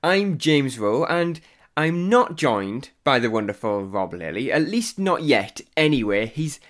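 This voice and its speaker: Man, podcast host, casual and chatty, mid-pitched voice. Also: sing-song, measured pace, fairly bright tone. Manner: chatty, laughs between lines.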